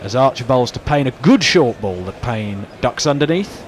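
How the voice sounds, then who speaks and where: A man calls cricket live, ball by ball, in a chatty, wry way. His voice sits at a middling pitch. A faint hum of outdoor traffic runs underneath. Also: animated, moderate pace. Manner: wry, chatty, laughs easily. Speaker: cricket commentator.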